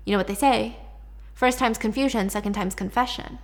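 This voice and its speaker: A woman's voice: on the high side, brisk, close to an everyday voice. A woman voicing a sly police detective who asks probing, knowing questions.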